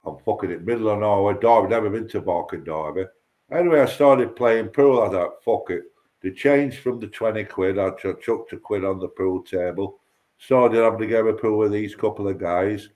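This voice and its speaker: A man's voice: lowish voice, a little fast. Foul-mouthed man. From Lancashire. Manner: loud, profane ranting and storytelling. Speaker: livestream panel regular. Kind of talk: casual chat.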